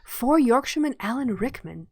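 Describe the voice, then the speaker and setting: A woman's voice: fairly high pitch, lively intonation, normal speed, breathy edge, no room sound, studio quality. A tired woman hosting a podcast, chatting casually and laughing often. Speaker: podcast host. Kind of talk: casual chat.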